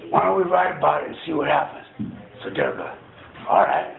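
A man tells his recovery story at a meeting in a high, gravelly voice, swearing freely and checking in with his listeners again and again. The sound is tinny and phone-like, with the echo of a hall around him. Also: quick pace, a crowd in the background. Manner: animated, swearing, storytelling with repeated "right?". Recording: echoey hall over a tinny phone-like line.

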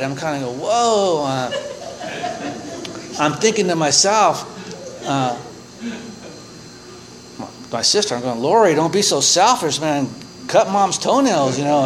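A man in his sixties sharing a humorous personal story at a recovery meeting, animated and chuckling as he acts out his own reactions. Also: fairly high pitch, low-quality recording.

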